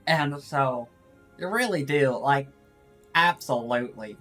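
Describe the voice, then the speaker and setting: A man's voice: medium pitch, slow pace, pushed and bright, faint music behind. A man streaming live, chatting casually in a put-on East Texas accent, rambling and often laughing at himself. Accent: put-on East Texas drawl. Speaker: VTuber streamer.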